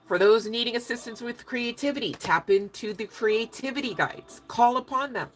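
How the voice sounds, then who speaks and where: A woman's voice: on the high side, moderate pace, faint music behind. A woman giving a casual spiritual tarot reading, emphatic and chatty, often checking in with her listeners and swearing offhandedly. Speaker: tarot reader.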